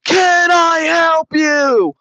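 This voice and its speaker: A man's voice: very high-pitched, extremely slow, sharp tone, no echo, pitched above the performer's own voice, full character voice. A young man voicing a bossy woman neighbor who is guarding her property, with a mock foreign accent. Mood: shouting.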